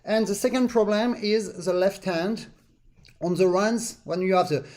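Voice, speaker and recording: A man's voice: sits high, measured pace, a little mellow. A man teaches an accordion master class over a video call, explaining patiently and singing rhythms in syllables. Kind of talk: online master class instruction.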